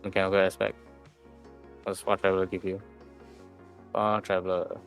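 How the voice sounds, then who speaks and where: A man's voice: low voice, monotone, normal speed, faint music behind. A man acting as game master in a casual tabletop session, musing aloud and humming filler syllables as he thinks.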